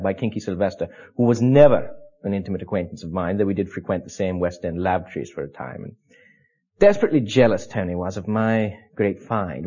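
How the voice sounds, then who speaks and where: A pompous, self-important scholar with a fairly low, husky voice, drawling through hesitant asides in a mock arts interview. The recording is dull and lo-fi. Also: male voice, mellow. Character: pompous self-aggrandizing scholar, defensive and gossipy. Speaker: interview guest.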